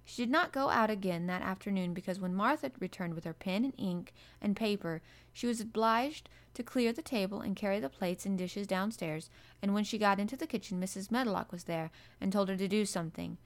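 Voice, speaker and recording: A woman reading a classic children's novel aloud in calm, even narration. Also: medium pitch, fairly quick. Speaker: audiobook narrator. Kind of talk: scripted storybook narration.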